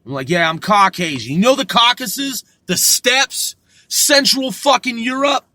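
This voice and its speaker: A young American man ranting to camera with profanity, slow and combative, breaking into shouts. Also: very high-pitched, animated, no room sound. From United States.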